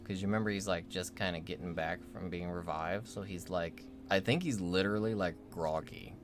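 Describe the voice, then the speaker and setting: A low-voiced man talks briskly over background noise while co-hosting a gaming livestream. His casual chat rambles playfully, and he likes slipping in mock pronunciations.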